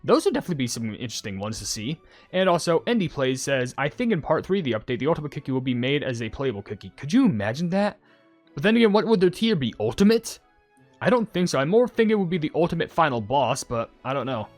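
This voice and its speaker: A young man doing casual commentary as a YouTuber, rambling and correcting himself with excitable asides. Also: fairly high pitch, fast talker, no echo, faint music behind. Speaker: YouTuber reacting to game updates.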